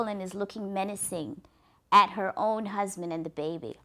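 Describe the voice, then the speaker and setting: A woman's voice: medium pitch, moderate pace. Earnest woman storyteller. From Africa. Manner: earnest, lively narration with restarts. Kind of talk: oral folktale telling.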